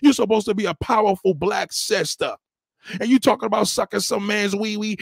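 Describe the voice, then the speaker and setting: A man's voice: high voice, a little fast, gravelly, no room sound, studio quality. A man hosting a livestream, scolding a viewer in a heated, repetitive rant. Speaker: livestream host. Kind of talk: ranting commentary.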